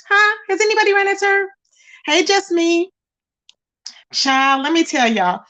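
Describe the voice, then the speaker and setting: A woman hosting a livestream, chatting in a sassy, drawn-out way, greeting viewers and gossiping straight to her chat. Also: extremely high pitch, lively intonation, bright, forceful tone. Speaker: livestream host. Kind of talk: casual gossip commentary.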